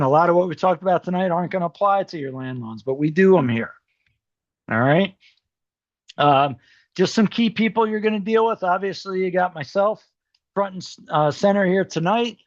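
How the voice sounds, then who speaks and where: A man's voice: high voice, no echo, highs cut off. A man presenting a seminar to an audience, explaining things casually with lots of fillers and frequent "okay?" check-ins, his voice a bit worn. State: voice starting to go. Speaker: mortgage specialist presenting a seminar.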